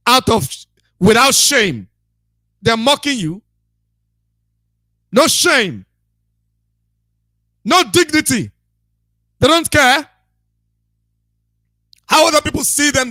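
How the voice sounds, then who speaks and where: A man delivers a scolding radio monologue like a preacher, repeating his points with emphasis. His voice sits very high and sounds bright and forceful. The sound is dry and close, with no room around it. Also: big pitch swings, takes it slowly, pauses often, no echo. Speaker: radio broadcaster.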